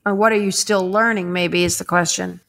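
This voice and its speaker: A woman co-hosting a podcast, chatting casually and bluntly, swearing freely and quick to laugh along. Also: fairly low pitch, steady tone, vocal fry, fairly bright tone. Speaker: podcast co-host.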